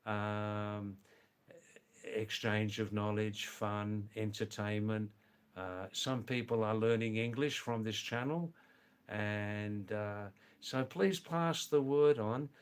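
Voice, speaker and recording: An older man chatting slowly and rambling on a live stream, answering viewers by name. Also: on the low side, clear, resonant tone. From lives in the Himalayas of northern India. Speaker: livestream host.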